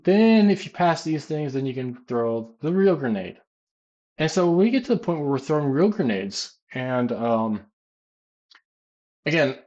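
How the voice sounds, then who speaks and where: American guy rambling through an army story, lots of ums and restarts, average pitch, casual q&a vibe. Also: highs cut off. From United States. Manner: rambling, animated, many fillers and restarts. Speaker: gaming YouTuber and teacher.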